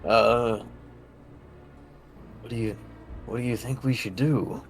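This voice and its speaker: A man's voice: medium pitch, slow, soft background music. A man playing a tabletop game, joking and wry about his character's chances. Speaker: player. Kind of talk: casual tabletop game play.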